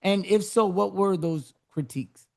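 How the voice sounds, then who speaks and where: Gravelly, hyped-up podcast host. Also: medium pitch, moderate pace. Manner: hyped and encouraging, gives big shout-outs. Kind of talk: casual podcast interview.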